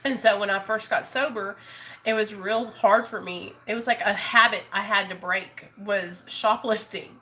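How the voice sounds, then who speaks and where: A woman's voice: mid-range voice, fairly even intonation, moderate pace, sharp tone. A woman YouTuber talking openly with her viewers in an earnest, emotional, rambling way. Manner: rambling, restarts often. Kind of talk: heartfelt live chat with viewers.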